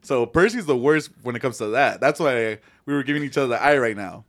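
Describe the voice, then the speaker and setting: A man's voice: mid-range voice, expressive, fairly quick, fairly bright tone. A man in casual podcast chat, rambling with lots of fillers. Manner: rambling, filler-heavy, laughs often.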